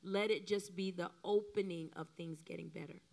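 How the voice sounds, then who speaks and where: A middle-aged woman preaching from the pulpit, her voice gravelly and textured. She swings between loud, animated bursts and soft, emotional asides, and acts out the lines she quotes. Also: lowish voice, moderate pace. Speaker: co-pastor. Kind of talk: sermon.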